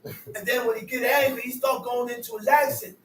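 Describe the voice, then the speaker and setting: A man preaching from scripture to a group, repeating verses back in a loud, emphatic voice. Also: very high-pitched, fairly even intonation, brisk, roomy sound, far from the mic, background noise. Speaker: street preacher teaching from scripture. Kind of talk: call-and-response sermon.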